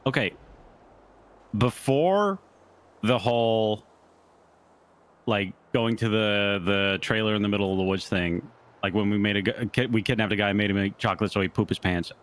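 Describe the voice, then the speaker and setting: A man's voice: fairly low pitch, normal speed, pauses often. A man in a roleplay game, recounting events in a rambling way full of fillers. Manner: rambling, lots of likes and uhs. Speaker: roleplay player.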